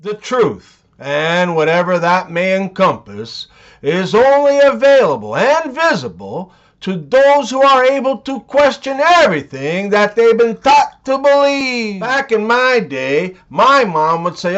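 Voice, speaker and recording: A man telling scripted jokes in a deadpan way, leaning into the punchlines, on a dull lo-fi recording. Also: high voice, unhurried. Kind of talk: scripted joke narration.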